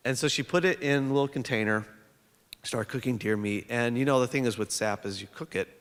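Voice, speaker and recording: A man's voice: mid-range voice, a little fast, fairly bright tone, smooth. A man on a panel, an educator presenting with slides and telling a story in a conversational way, with frequent fillers and restarts. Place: lecture hall. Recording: long reverb of a hall.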